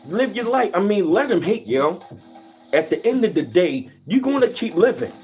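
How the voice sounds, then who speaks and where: A man brags in a loose vlog monologue, full of street slang. His voice sits high and swoops widely as he talks. Faint music plays behind him. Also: normal speed. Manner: boastful, animated street talk with repeated slang. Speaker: vlogger.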